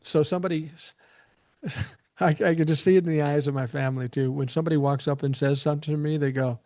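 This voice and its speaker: A man's voice: fairly high pitch, fairly even intonation, quick pace, a little mellow, no echo. A man in his sixties hosting a podcast, telling stories in a blunt, profane, casual way. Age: 60s. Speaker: podcast host.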